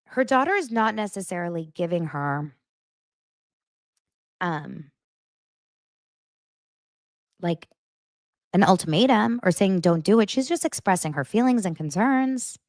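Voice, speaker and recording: A woman's voice: mid-range voice, dry recording, clean studio sound. Chatty, gossipy woman podcast host. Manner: chatty and gossipy, heavy use of "like"; blunt and judgmental. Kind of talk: casual reality TV recap.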